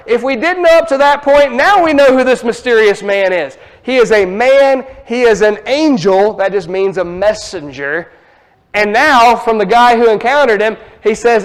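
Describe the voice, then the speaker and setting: A man with an Ozarks accent preaching a sermon, teaching emphatically with lively asides. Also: high-pitched, moderate pace.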